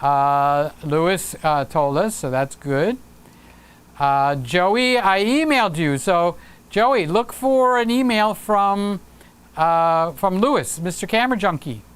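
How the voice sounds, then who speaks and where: A man's voice: high-pitched, slow pace, smooth. A man hosting a casual livestream, chatting upbeat and reading viewer comments aloud with frequent fillers. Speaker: livestream host.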